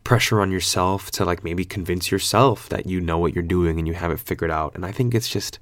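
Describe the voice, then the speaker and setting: A man's voice: deep voice, brisk, no echo. A man in his twenties talking in a laid-back, slangy vlog monologue, swearing freely and rambling with lots of fillers. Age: 20s. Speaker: vlogger.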